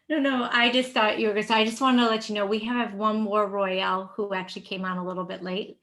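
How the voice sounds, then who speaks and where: A woman's voice: medium pitch, steady tone, brisk, fairly bright tone. A woman announcing a rank advancement on a team call, hesitant and apologetic. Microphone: online group call.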